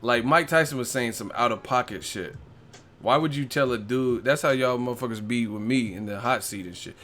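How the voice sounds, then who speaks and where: A man's voice: mid-range voice, a little fast. A man hosting a boxing live stream, talking in a loose casual rant, laughing often and acting out other people's lines. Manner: animated, laughs often, acts out quotes. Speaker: boxing commentary host.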